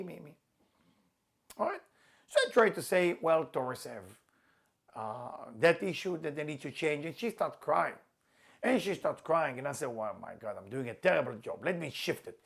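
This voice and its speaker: A man's voice: a little high, gravelly, a bit bright. A middle-aged man teaching a spiritual class, emphatic, repeating key words and stretching them out, with non-native phrasing. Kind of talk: lecturing a class.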